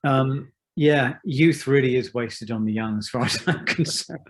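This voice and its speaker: Fiftyish guy musician looking back, thoughtful and measured, keeps restarting his sentences. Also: medium pitch, a little hiss or hum. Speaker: musician guest. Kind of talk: reflective interview talk.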